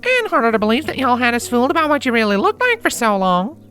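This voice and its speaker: A man's voice: extremely high pitch, big pitch swings, quick pace, sharp tone, soft background music, pitched above the performer's own voice, heavily acted. A man reading a fanfiction aloud, voicing a teasing, spunky farm girl with a put-on drawl.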